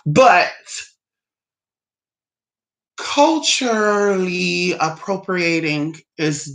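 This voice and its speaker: Sassy American spiritual vlogger, bright and forceful, cusses, mocks with big pitch swings. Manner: sassy, blunt, swears; mocking, with big pitch jumps. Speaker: spiritual YouTuber. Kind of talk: casual opinion monologue.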